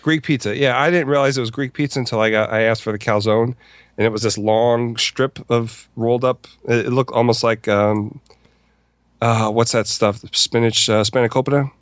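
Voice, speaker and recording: A man's voice: medium pitch, fairly even intonation, moderate pace, no room sound. A man co-hosting a podcast, chatting casually with wry remarks and frequent laughter. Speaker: podcast co-host. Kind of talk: casual chat.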